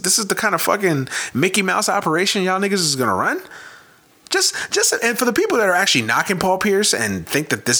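A man's voice: a little high, sharp tone, husky. A man giving a profane, emphatic sports rant, repeating his points with heavy emphasis. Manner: profane, emphatic, repetitive ranting. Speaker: sports commentator.

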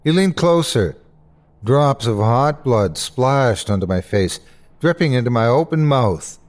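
A man hosting and narrating a horror story with a dramatic, expressive delivery. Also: mid-range voice, unhurried. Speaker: host and narrator.

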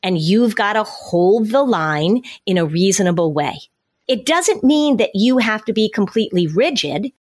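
A middle-aged woman talks through parenting advice on a podcast, laying out each step in plain order. Her voice sits at an ordinary middle pitch for a woman. She slips into short acted lines for a parent or a child as she explains. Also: expressive, normal speed. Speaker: parenting expert guest. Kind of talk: podcast conversation.

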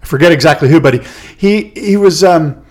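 A man's voice: on the high side, brisk. A man co-hosting a casual podcast chat, rambling and correcting himself as he asks probing questions. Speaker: podcast co-host.

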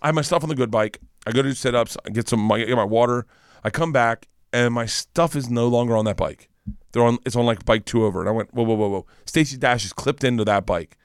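A man in his forties chatting casually, telling animated stories and acting out the voices in them. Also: fast talker, clean tone, no echo, clean studio sound. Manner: animated storyteller, acts out quotes with rising pitch. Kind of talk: casual chat.

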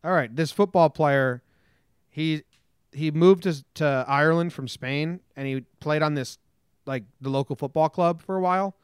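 A man's voice: on the high side, normal speed, clean tone, no echo, studio quality. A man co-hosting a podcast, chatting casually and telling stories with lots of energy, swearing and acting out quotes. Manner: animated storytelling, swears, acts out quotes. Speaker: podcast co-host. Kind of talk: casual comedic chat.

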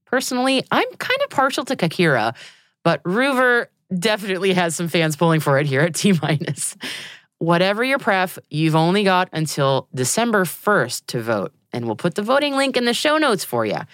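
Lively, chatty woman podcast host. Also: lowish voice, normal speed, no echo, clean studio sound. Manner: chatty, jokey asides. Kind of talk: scripted news podcast reading.

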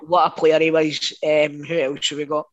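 A man's voice: a little high, flat delivery, moderate pace, highs cut off. A man in a casual football chat, blunt, sweary and enthusiastic. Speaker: co-host.

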